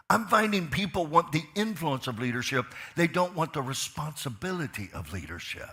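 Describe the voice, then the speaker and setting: A male pastor preaches from a church stage. His voice is bright and forceful. He drops to quiet asides, then rises to loud, fired-up stretches, and keeps firing repeated questions at the crowd. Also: a little high, very animated, normal speed, hardly any pauses. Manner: asks the crowd questions, repeats lines for emphasis. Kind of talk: sermon. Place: church sanctuary.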